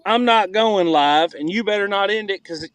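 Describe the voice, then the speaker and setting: Higher-voiced man on a boat. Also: moderate pace, a bit bright, poor audio. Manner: easygoing, chatty, explains fish finder readings. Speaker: fishing partner. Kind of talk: casual livestream banter. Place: on a fishing boat outdoors.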